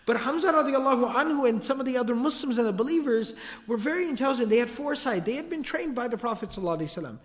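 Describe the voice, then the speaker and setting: High-voiced man lecturing in a reverberant hall. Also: rapid-fire. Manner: casual lively storytelling with slangy asides. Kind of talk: storytelling lecture.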